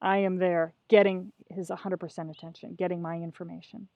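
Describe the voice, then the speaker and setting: A middle-aged woman telling a story as a podcast guest, animated and a bit profane, acting out what people said. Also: fairly low pitch, brisk, dry recording, highs cut off. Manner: animated, acts out voices, profane. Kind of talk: casual storytelling.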